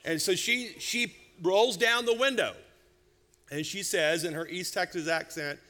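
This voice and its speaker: A middle-aged man preaching a sermon, telling a humorous family story with lively, animated delivery. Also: sits high, normal speed. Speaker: senior pastor. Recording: church hall reverb.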